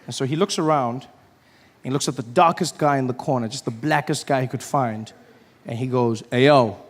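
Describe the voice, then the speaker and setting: A man from South Africa doing stand-up, telling stories in an animated, playful way and slipping into the voices of the people in them. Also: medium pitch, normal speed. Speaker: stand-up comedian. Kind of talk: stand-up storytelling. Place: large venue with a live audience. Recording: long hall reverb.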